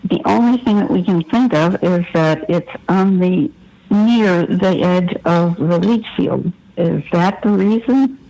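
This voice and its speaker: A woman's voice: on the low side, a little slow, vocal fry, dark tone, poor audio. A middle-aged woman calling into a gardening radio show, puzzled and explaining her problem at length. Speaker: caller. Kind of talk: call-in question.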